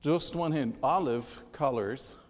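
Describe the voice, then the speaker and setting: A man's voice: medium pitch, takes it slowly. A man preaching a sermon in a conversational, emphatic way, speaking directly to his listeners. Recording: long hall reverb.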